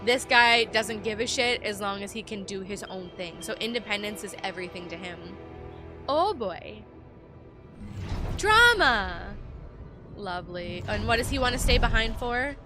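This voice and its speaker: A woman streaming a video game, commenting live and reading the game text aloud, animated and joking, swearing freely. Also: medium pitch, moderate pace, over music. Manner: animated, swears freely, jokes and reacts loudly.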